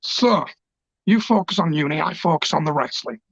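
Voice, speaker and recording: A man's voice: fairly high pitch, animated, moderate pace, creaky, no echo. A man, a pro wrestler cutting an emotional, passionate, rambling promo. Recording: dull lo-fi dry recording.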